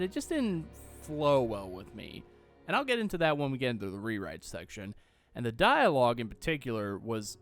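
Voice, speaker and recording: A young man from Austin, Texas giving a sarcastic, exasperated solo movie rant, swearing freely. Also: mid-range voice. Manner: mocks dialogue in silly voices. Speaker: movie reviewer. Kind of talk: ranting solo commentary.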